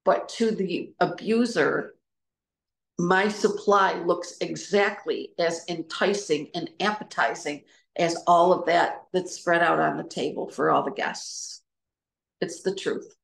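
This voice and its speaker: A middle-aged woman giving an informal, reflective talk about personal experience, pausing and restarting as she searches for words. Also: on the low side, vocal fry, echoey room. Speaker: trauma recovery speaker.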